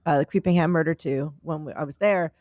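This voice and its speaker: Chatty, excitable woman podcast host. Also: deep voice, quick pace, dry recording. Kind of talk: casual podcast chat.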